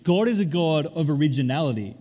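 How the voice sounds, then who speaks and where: A man's voice: on the high side, expressive, dark tone. Emphatic male pastor in echoing hall. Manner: emphatic, stretching key words slowly. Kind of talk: sermon. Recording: long reverb of a large hall.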